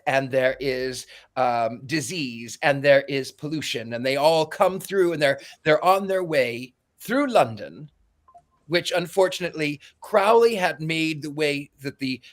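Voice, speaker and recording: A man hosting a podcast, casually recapping a story's plot in a rambling way, stumbling and repeating words as he goes. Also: on the high side. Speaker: podcast host.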